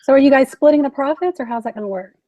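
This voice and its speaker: A relaxed woman chats as co-host, laughing easily. Her voice sits high. The audio is muffled and lo-fi. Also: very fast, dry recording. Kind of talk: casual chat.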